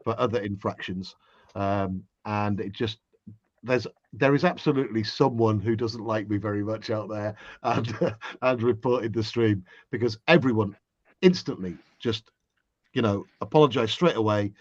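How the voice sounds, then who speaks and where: A man's voice: on the low side, normal speed, no room sound, dull audio. A man with an English accent chatting casually on a livestream, breezy and self-mocking. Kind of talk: casual group chat on a livestream.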